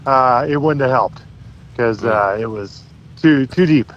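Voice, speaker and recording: A man calling in to a podcast, chatting in a relaxed, self-mocking way. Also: medium pitch, measured pace. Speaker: phone-in guest. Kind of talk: casual phone chat. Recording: tinny phone line with faint hiss.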